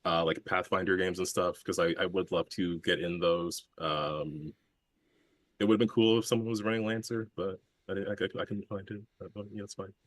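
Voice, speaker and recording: A man from Canada with a very low voice talks over his plans in a relaxed group chat. He hesitates and thinks aloud, and the sound is dry and close. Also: normal speed, no room sound. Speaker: podcast regular.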